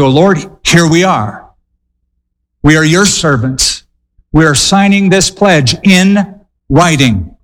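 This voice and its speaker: A male pastor preaching a sermon, telling stories with dramatic pauses and quick bursts. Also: fairly high pitch, in a large hall, low-quality recording.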